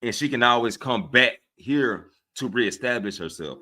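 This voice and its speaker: A man with a Southern US accent hosting a casual livestream, speaking to his viewers in an animated, preachy way and often checking in with them. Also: mid-range voice, normal speed. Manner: animated and preachy, often asks "right?" of listeners. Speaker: livestream host. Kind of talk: casual livestream talk to chat.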